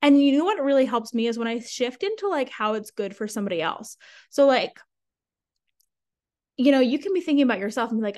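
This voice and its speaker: A woman's voice: on the high side, lively intonation, fast, darkish tone. A young woman hosting her own podcast, talking frankly and chattily with lots of fillers and casual swearing. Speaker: sales coach and podcast host. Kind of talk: casual solo podcast monologue.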